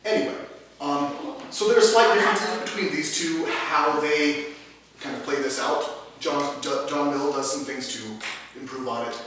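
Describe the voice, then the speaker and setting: A man's voice: on the high side, moderate pace, background noise. A man giving a chatty, casual classroom talk to a small group. He laughs often and restarts his sentences. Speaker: teacher. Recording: echoey room from a distance.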